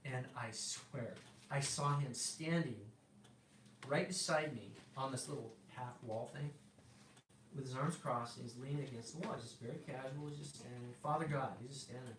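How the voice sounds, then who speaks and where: A middle-aged male guest shares his personal faith testimony in casual speech, acting out dialogue amid restarts and fillers. His mid-range voice moves at a moderate pace. A distant mic gives roomy sound with background noise.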